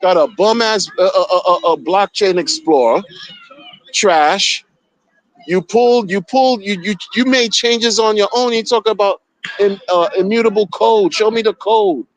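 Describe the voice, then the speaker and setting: A man's voice: high-pitched, normal speed, poor audio. A man streaming casual commentary, mocking and profane, repeating himself as he rants. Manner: animated, mocking, profane, repetitive.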